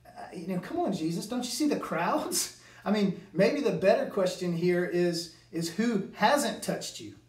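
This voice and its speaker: A man's voice: a little high, roomy sound, recorded from a distance. A male pastor preaching a sermon in an earnest way, often repeating words as he restarts a phrase. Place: church sanctuary.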